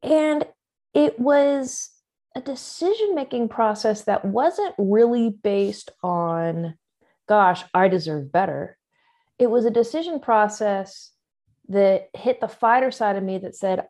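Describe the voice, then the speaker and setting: A woman in her forties speaks as a guest in a candid interview, in a voice of middling pitch. She is earnest and outspoken, and slips in wry asides. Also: takes it slowly, dark tone. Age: 40s.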